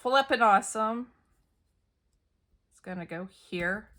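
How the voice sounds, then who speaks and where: A middle-aged crafter casually narrates building a scrapbook layout, chatty and teasing herself while thinking aloud. She speaks slowly in a medium-pitched, bright voice with a forceful tone.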